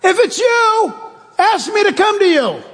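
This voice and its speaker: A man preaching voices the apostle Peter as an impulsive, burly fisherman with an excited, pleading manner. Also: extremely high pitch, measured pace, gravelly, breathy edge, long reverb tail, pitched above the performer's own voice, exaggerated voice. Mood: eager.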